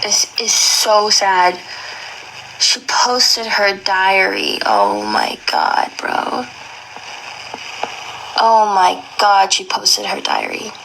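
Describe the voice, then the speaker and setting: Young woman with a gravelly, bright voice. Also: medium pitch, sing-song, drawn-out words, long pauses, a little hiss or hum, poor audio. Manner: emotional, exclaiming, slangy. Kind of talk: reacting while reading aloud.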